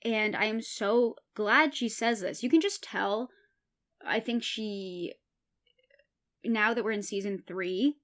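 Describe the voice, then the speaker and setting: A woman hosting a podcast, retelling and reacting to a TV episode in an animated, chatty way. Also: mid-range voice, slow pace. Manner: chatty, animated, laughs while retelling scenes. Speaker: podcast host. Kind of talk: casual episode recap.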